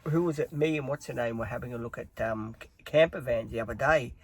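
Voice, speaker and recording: A man's voice: medium pitch, fast talker. A man streaming from home, chatting casually in a rambling way and swearing freely. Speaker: live streamer. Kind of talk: casual chat.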